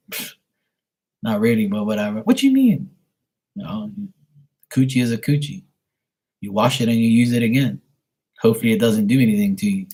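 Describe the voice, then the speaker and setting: A man's voice: mid-range voice, lively intonation, normal speed, pauses often, a little mellow, slightly rough. A man hosting a casual live stream and chatting with viewers, speaking bluntly with plenty of profanity and a rambling flow.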